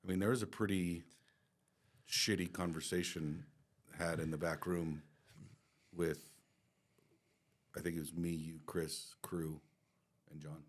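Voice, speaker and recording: A man with a low voice speaks in a level tone at a measured pace. He co-hosts a business podcast and is on the company's team, chatting candidly and casually, swearing now and then and restarting sentences.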